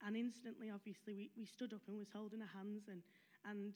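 A woman's voice: medium pitch, little pitch movement, quick pace, a little mellow. A woman giving a chatty, heartfelt personal testimony in church, with many fillers.

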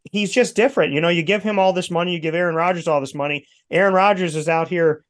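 A male sports broadcaster with a somewhat high voice talks casually on his show. He tells animated stories and acts out the quotes. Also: fast.

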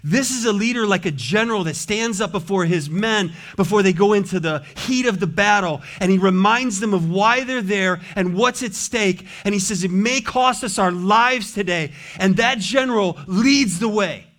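A pastor preaching a sermon with passion, swinging from loud exhortation to soft, low asides. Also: male voice, normal speed, hardly any pauses. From United States.

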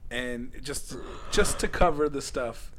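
A man's voice: medium pitch, slow, a bit bright, slight background noise. A man hosting a casual podcast, joking around and swearing freely with his co-hosts. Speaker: podcast host.

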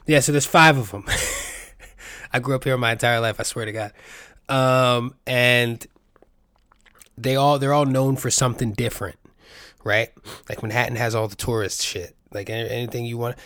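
A man's voice: mid-range voice, fairly even intonation, normal speed, pauses often, a bit bright, no echo, clean studio sound. Rambling, profane New man. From New York City, the Bronx. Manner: rambling and profane, full of tangents and asides. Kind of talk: casual monologue.

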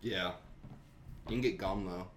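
A man's voice: low voice, fairly even intonation, unhurried, slight background noise. A man guest on a podcast, chatting casually and making dry jokes. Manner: dry, joking. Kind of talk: casual chat.

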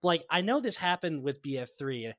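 A man's voice: fairly high pitch, big pitch swings, moderate pace, fairly bright tone, dry recording. A man co-hosting a podcast in casual chat, rambling through stories and laughing often. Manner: giggly rambling storyteller. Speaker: podcast co-host.

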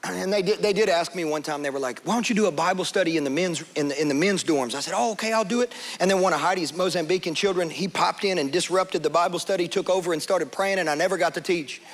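Young pastor, high voice, lively storytelling sermon. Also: male voice, fast, hardly any pauses. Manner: storytelling, animated, acts out quoted voices.

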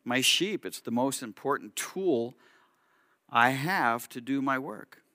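A man's voice: medium pitch, expressive, pushed and bright, no room sound, clean studio sound, heavily acted. A man voicing an insecure old male shepherd who stammers and halts, trailing off into a whisper. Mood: hesitant. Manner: stuttering, halting, trailing into a whisper.

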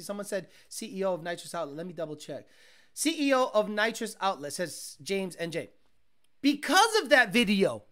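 A man who tunes cars, chatting casually on a livestream, reading viewer comments aloud and ranting excitably with plenty of swearing. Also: very high-pitched. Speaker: car tuner livestreaming.

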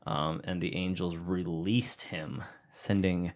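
A man's voice: lowish voice, normal speed. A man co-hosting a casual sports podcast, swearing often and joking around. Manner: swears often, jokey and animated. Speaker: podcast co-host.

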